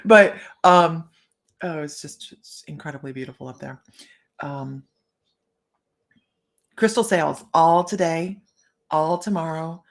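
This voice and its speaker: A woman's voice: low-pitched, slow, gravelly, pauses often. Bubbly rambling woman on a live stream. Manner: bubbly, rambling storytelling with frequent laughter. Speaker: psychic medium hosting a live reading stream. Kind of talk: casual live-stream chat.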